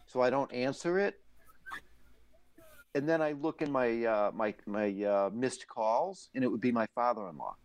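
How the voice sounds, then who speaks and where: A man's voice: medium pitch, lively intonation, moderate pace, no echo. A laid-back man co-hosting a chat, rambling and cursing freely. His voice sits mid-range and sounds close and dry, with no room around it. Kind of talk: casual chat.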